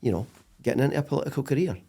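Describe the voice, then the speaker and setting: A man voicing a blunt senior politician with a Scottish accent, retelling his advice in a quieter, matter-of-fact way. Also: medium pitch, animated, rapid-fire, gravelly, slightly rough, voice pushed up.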